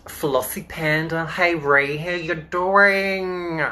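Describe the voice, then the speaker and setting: A man's voice: fairly high pitch, flat delivery, very slow, bright, forceful tone. A man with an Australian accent reading children's books aloud as a drag queen during a live-streamed storytime from home into a phone, chatting in a playful, campy way between pages.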